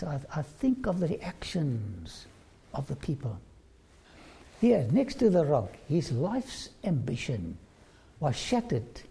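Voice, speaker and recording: A preacher retells a Bible story in a sermon, slowly putting questions straight to the listeners. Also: mid-range voice, gravelly, warm tone, slightly rough. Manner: slow, questioning listeners directly.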